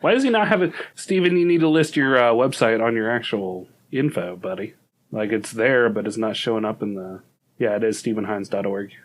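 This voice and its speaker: A man's voice: lowish voice, fairly quick. A man co-hosting a podcast in casual chat, giggling often and hedging with fillers. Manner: giggly, hesitant, lots of fillers and restarts. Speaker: podcast co-host.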